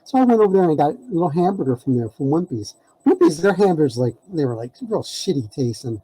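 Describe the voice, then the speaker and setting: A man's voice: a little high, sing-song, quick pace, dark tone, slightly rough, rough recording. A man telling a rambling story as a podcast guest, full of fillers and laughs. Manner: rambling, many "you know" fillers, laughing. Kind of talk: casual storytelling.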